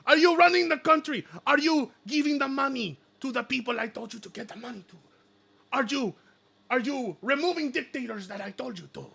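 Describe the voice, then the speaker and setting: A man's voice: extremely high pitch, animated, fairly quick, creaky, pushed and bright, slightly rough, full character voice. A man voicing a scheming puppet-master villain who gloats and gives commands. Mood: gloating. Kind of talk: mock villain voice on a live stream.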